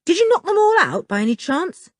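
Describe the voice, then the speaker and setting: A woman reading an audiobook, voicing a cheerful young boy who talks in a bright, admiring way. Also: very high-pitched, sing-song, fairly quick, no room sound, clean studio sound, pitched above the performer's own voice. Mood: cheery.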